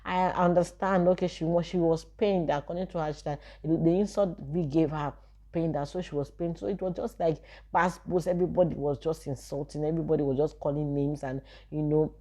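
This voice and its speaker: A woman's voice: low-pitched, fairly quick. A young woman, casually and animatedly retelling events as a vlogger, with lots of fillers. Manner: animated retelling, full of fillers and acted quotes. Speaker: vlogger recapping a reality show. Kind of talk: casual chat.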